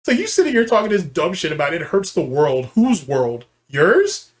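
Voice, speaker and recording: A man's voice: a little high, very animated, fairly quick. A man hosting a commentary channel, ranting in a heated, profane and scornful way while reacting to a clip.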